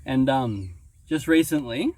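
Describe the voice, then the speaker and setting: A man's voice: medium pitch, animated, unhurried, a little mellow. An Australian man and waterski coach holding a casual, joking interview outdoors by a lake, with frequent ums. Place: outdoors by a lake on a sunny day. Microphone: video camera on site.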